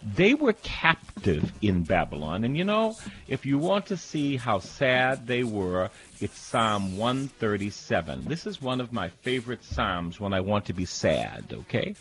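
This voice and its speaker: A man's voice: mid-range voice, huge pitch swings, a little slow, slight background noise. A middle-aged man, a priest, preaching a sermon with dramatic scripture readings and call-and-response. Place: airport.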